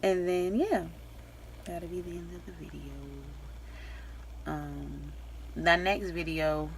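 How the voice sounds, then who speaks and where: Young pregnant woman vlogging, deep low voice, rambly and chatty, bit of hiss behind. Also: slow, creaky. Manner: chatty and rambling, with frequent fillers and laughs. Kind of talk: casual pregnancy update vlog.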